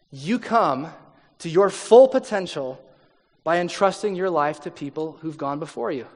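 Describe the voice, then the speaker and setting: Male pastor, conversational sermon, quoting people in voices, long hall reverb. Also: on the high side. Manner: conversational, asks the audience questions; acts out quoted people in voices.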